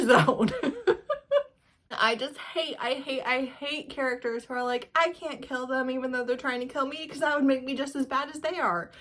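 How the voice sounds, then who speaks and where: A woman's voice: mid-range voice, fairly bright tone. A young woman talking casually as a book reviewer, ranting with sarcasm and laughing often. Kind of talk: casual reading vlog.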